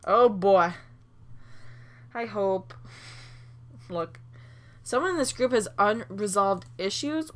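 A young woman hosting a Let's Play, reacting with excited laughs and swearing as she plays. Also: mid-range voice, slow, pauses often, slight background noise. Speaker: gaming channel host.

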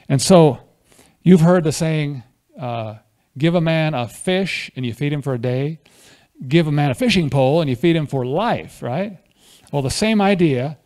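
A man's voice: fairly high pitch, darkish tone. A man preaching a conversational sermon at a church fellowship, often asking the congregation questions.

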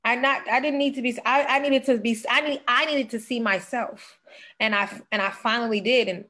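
A woman's voice: a little high, fairly even intonation, normal speed, sharp tone. A young woman speaking as a podcast guest, sharing an earnest personal testimony and fighting back tears.

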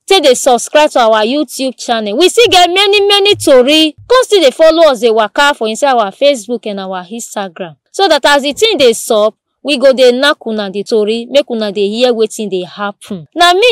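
A woman news presenter speaking with a Nigerian Pidgin accent, telling the day's stories in a lively, repetitive storytelling way with exclamations. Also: a little high, dry recording, clean studio sound. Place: studio.

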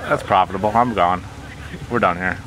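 A man's voice: low-pitched, fairly quick. A man hosting a casual vlog at an outdoor swap meet, joking and teasing his friend. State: early-morning rough voice. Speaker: vlog host. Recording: outdoor noise behind.

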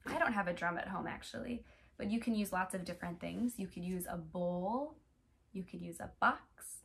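A young woman teaching a music class for toddlers, speaking gently and playfully and asking the little ones lots of questions. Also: fairly low pitch, normal speed, gravelly. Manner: gentle, playful, talks straight to small children with many questions.

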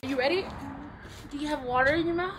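A young woman co-hosting a vlog, talking loudly and joking between laughs, with music behind. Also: high voice, fast, very noisy. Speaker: co-host of a vlog channel. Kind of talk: casual chat.

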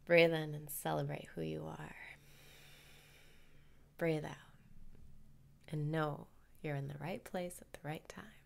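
A woman leading a guided meditation parody in a soft, calm voice that drifts into whispers. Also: sits low, slow pace, gravelly, long pauses.

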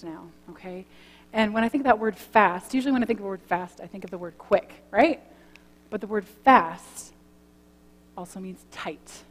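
A woman pastor giving a sermon, telling a story in a conversational way and then praying gently. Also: medium pitch. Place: church sanctuary. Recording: long church hall reverb, faint hum.

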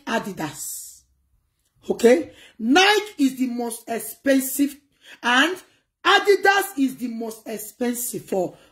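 A Nigerian woman chatting casually to her viewers on a livestream, in an animated way that mixes pidgin with another local language. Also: sits high. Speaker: livestream host.

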